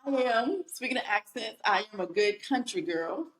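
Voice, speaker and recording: A woman's voice: medium pitch, normal speed. Chatty country woman hosting a podcast. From Lawrenceville, Virginia, US. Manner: lively, folksy, playful asides to listeners. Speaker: podcast host. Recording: echoey room.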